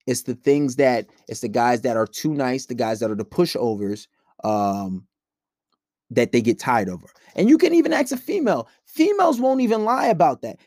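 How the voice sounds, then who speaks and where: A man's voice: on the high side, very animated, a little fast, a little mellow, no echo, clean studio sound. A man giving blunt, profane dating advice in a casual monologue, acting out quoted dialogue between couples.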